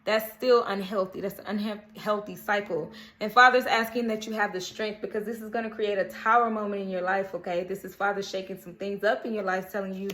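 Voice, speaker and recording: Fairly quick with few pauses, this woman's mid-range voice is a bit bright and fairly even in intonation. She's a tarot card reader doing a casual daily horoscope, chatty, earnest and coaxing, often checking in with "okay?".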